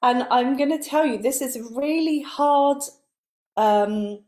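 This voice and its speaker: A woman's voice: high-pitched, slow pace, warm tone. Earnest woman coaching in layered lists. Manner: earnest, builds repetitive lists. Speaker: spiritual coach. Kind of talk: live motivational talk.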